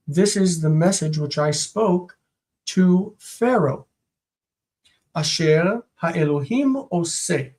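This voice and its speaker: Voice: mid-range voice, animated, takes it slowly, a little mellow. A teacher giving a live-streamed Biblical Hebrew grammar lesson, sounding out Hebrew words and translating them, thinking aloud and repeating words while explaining.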